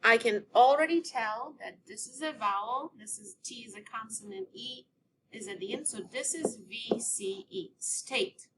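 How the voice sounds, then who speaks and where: A woman teacher giving a recorded phonics lesson to children, sounding out words slowly and clearly. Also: a little high, animated, heavy background noise.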